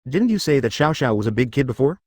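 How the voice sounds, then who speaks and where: A man's voice: mid-range voice, sing-song, fast, darkish tone, dry recording, studio quality. A man voicing a curious, teasing young wife and mother in a read-aloud web novel. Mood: curious, playful. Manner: curious, playful.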